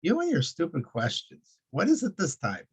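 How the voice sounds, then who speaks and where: A man's voice: a little high, wildly swooping pitch, moderate pace, breathy edge, pitched above the performer's own voice, heavily acted. A man doing a snappish, irritated snake. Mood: exasperated. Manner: snapping, exasperated. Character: irritable snake, impatient and scornful.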